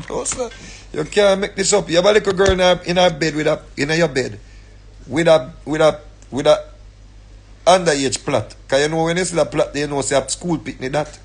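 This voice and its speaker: Jamaican male streamer, husky and fairly high, angry repetitive rant. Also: brisk. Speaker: live streamer. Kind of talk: ranting commentary.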